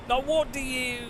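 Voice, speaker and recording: A man's voice: extremely high pitch, background noise. A man chatting casually about sim racing as he plays, rambling with chuckles and restarts. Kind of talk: casual gaming chat.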